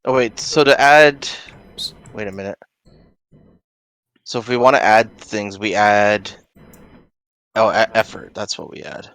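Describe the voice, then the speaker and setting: A man's voice: fairly low pitch, fairly even intonation, unhurried, pauses often, a bit bright, clean tone, dry recording. A man playing in a tabletop game who is unsure of the rules and talks himself through them. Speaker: player. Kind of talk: casual game chat.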